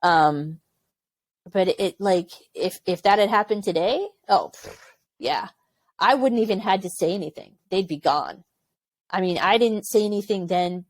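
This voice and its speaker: A woman's voice: mid-range voice, lively intonation, unhurried, dry recording. A woman in her forties, an Army medic veteran, frankly telling war stories in an interview and acting out the people she quotes. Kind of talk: candid interview storytelling.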